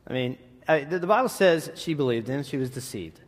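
Animated preacher man in a reverberant hall. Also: on the high side, brisk. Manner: conversational, animated preaching with many restarts and asides. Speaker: preacher and middle school teacher. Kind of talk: sermon.

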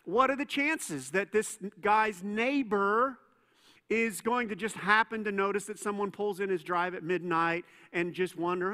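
A man preaching a sermon as a pastor, conversational and playful, telling stories with quick asides. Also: high-pitched, bright, forceful tone. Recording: long reverb in a church hall.

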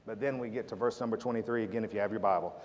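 A man's voice: fairly low pitch, fairly even intonation, very fast, a little hiss or hum. Man preaching a sermon in a reverberant church. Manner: preaching with swings from loud emphasis to hushed prayer. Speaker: pastor. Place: church sanctuary. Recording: long church hall reverb.

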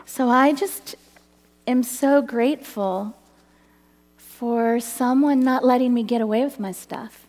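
Taking her time, a woman with a fairly high pitch tells her personal story at a church women's gathering, earnestly voicing the people in it and laughing along the way. Her talk echoes with big-room sound.

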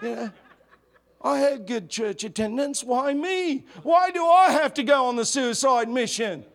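A man's voice: very high-pitched, expressive, measured pace, fairly bright tone, voice pushed up, full character voice. A man voicing a self-pitying young male foot soldier who whines and pleads. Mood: whiny. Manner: whining, pleading, half-laughing.

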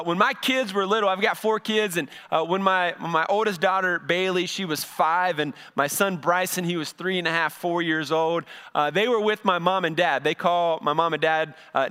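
A middle-aged man preaching a sermon to his congregation in a folksy, animated storytelling way, acting out the voices in his stories. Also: sits high, clean tone. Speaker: pastor. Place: church service before a congregation.

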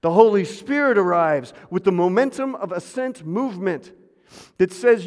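A man's voice: high-pitched, expressive, moderate pace. Preaching man with a ringing hall echo. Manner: dramatic swings between loud refrains and hushed asides; calls on the congregation to repeat a refrain. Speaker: pastor. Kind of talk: sermon. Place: church sanctuary. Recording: long hall reverb.

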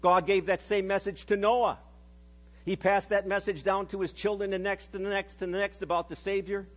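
A high-pitched man in middle age delivers a sermon. He speaks earnestly and slows down to stress the phrases that matter, then drops low and quiet for the solemn lines. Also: little pitch movement. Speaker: pastor.

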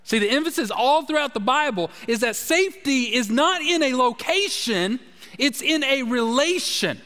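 High-voiced preacher in a reverberant hall. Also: male voice, animated, normal speed, bright, forceful tone. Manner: repetitive, emphatic preaching with many restarts. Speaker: pastor. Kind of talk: sermon.

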